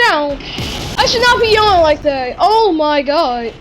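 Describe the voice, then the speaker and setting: A woman giving excitable gaming commentary, full of gasps and exclamations. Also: very high-pitched, slow pace, heavy background noise. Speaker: gamer.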